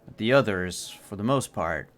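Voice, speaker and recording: A man narrating a tabletop role-playing game as game master, halting, with frequent fillers and restarts. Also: fairly low pitch, expressive, a bit bright.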